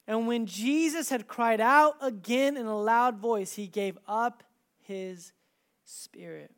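A preacher delivers a sermon with scripture read aloud. The delivery is dramatic, building to loud, emphatic stretches and then dropping to a quiet hush. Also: medium pitch, slow.

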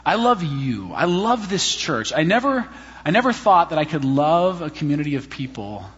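Man, pastor, animated self-deprecating storytelling, higher voice, long church reverb. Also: normal speed, slightly rough. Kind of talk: sermon with personal stories. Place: church sanctuary. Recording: reverberant hall, slightly dull sound.

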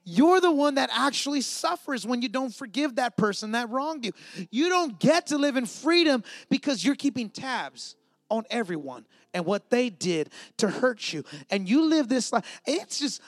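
A man in his thirties, a pastor giving a lively, conversational sermon in church and joking with the congregation. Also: extremely high pitch, measured pace, no room sound.

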